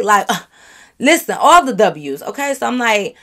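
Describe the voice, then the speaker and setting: Chatty woman doing a storytime vlog, super animated, talks right to the viewers. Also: on the high side, normal speed. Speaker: vlogger.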